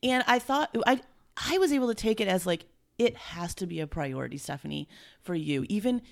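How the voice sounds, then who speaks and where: A middle-aged woman speaking as a guest in a heartfelt conversation, emotional and halting, often restarting her sentences. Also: medium pitch, expressive, creaky.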